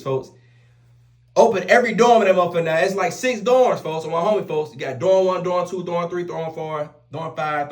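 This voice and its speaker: A young man telling a rough story in casual street slang, animated and profane, repeating oaths after every line. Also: sits high. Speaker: storyteller vlogger.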